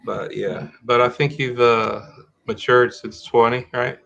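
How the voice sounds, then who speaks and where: Man, middle-aged, livestream host, bright ringing voice, rambling chatty delivery. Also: mid-range voice, steady tone, a little slow, creaky, highs cut off. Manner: rambling, restarts sentences, thinks aloud. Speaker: host of a live-streamed talk show. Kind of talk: casual livestream chat.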